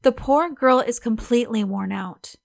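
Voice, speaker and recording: Woman reading flustered older lady, protesting, slightly high voice, dry close sound. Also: moderate pace, creaky, no room sound.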